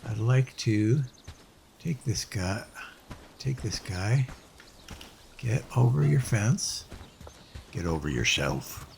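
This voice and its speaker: A man's voice: mid-range voice, slow, vocal fry, long pauses, mellow, slight background noise. A man casually commenting as he plays a game, musing aloud with hesitant restarts. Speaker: let's play host.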